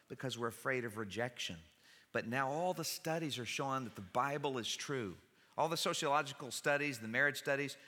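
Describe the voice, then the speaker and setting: A man's voice: mid-range voice, pushed and bright. A man preaching a sermon in church, in a conversational way with wry humor. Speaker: pastor. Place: church sanctuary. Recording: reverberant church hall.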